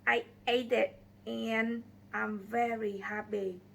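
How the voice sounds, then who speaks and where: Slow, gravelly woman reading a story. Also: a little high, level tone, fairly bright tone, slight background noise, poor audio. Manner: slow, deliberate reading in short phrases. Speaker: storyteller for English learners. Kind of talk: scripted story narration.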